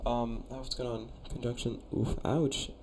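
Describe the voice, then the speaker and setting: This is a young adult man in college whose mid-range, slightly mellow voice stays flat at a normal speed, with a little hiss or hum present. He casually chats on a live stream reviewing viewers' conlangs, reading their messages aloud and pronouncing the invented words.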